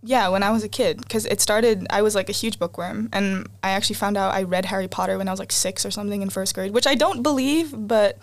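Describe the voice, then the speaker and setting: A young woman guest on a podcast, talking in a quick, chatty way and laughing often. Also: mid-range voice. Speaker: guest musician. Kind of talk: casual podcast chat.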